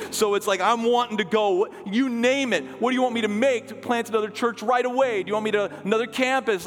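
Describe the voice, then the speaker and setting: A middle-aged pastor preaching a passionate, emphatic sermon in a church, now and then dropping to a soft, hushed delivery. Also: male voice, sits high. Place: church sanctuary. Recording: long hall reverb, music underneath. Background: music.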